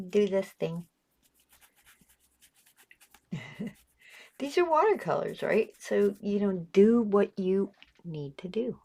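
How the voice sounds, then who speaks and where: Slow, gravelly-voiced woman with a slight lisp. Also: medium pitch, darkish tone, a little hiss or hum. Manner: chatty, giggly, salty, encouraging. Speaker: art channel host. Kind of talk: casual painting tutorial.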